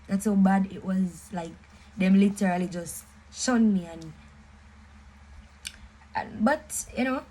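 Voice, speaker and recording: A young woman with a Jamaican accent, casually telling a personal story in an animated, emphatic way, mixing patois and English. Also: fairly low pitch, slight background noise, rough recording. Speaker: vlogger.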